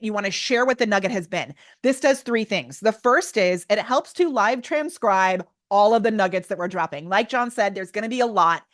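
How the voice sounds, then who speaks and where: A woman in her thirties presenting a live online workshop with energetic, theatrical, over-the-top enthusiasm. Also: mid-range voice. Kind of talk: live webinar teaching.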